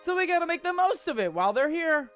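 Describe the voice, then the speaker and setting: A man's voice: extremely high pitch, very animated, fast talker, fairly bright tone, soft background music, voice pushed up, heavily acted. A man voicing an eager young farm boy bug scout, reading game dialogue aloud in an earnest, pleading way.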